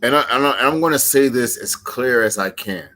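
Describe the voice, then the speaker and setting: A man's voice: medium pitch, expressive, brisk, pushed and bright. A man delivering an intense, emphatic wrestling promo to his rival. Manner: intense, emphatic, trash-talking.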